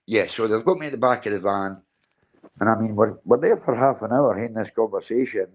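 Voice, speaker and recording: A middle-aged man tells a story to his livestream viewers, animated and acting out the dialogue as he goes. His voice sits low, and the stream audio is dull and lo-fi. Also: a little fast. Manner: animated, acts out his own and others' lines. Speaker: livestream host.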